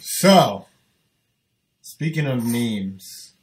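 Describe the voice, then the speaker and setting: Male co-host, mid-pitched, irreverent casual sports banter. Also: animated, drawn-out words.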